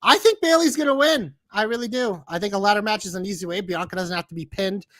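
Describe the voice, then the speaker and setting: Bright, blunt podcast co-host. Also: medium pitch, quick pace, dry recording. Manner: blunt, swears, swings from loud to mumbled. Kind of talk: casual podcast banter.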